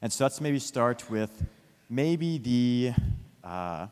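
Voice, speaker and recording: Man, storyteller, children's tale, mid-pitched voice, questions to listeners, long hall echo. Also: slow pace, clean tone. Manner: lively, asks the listeners questions.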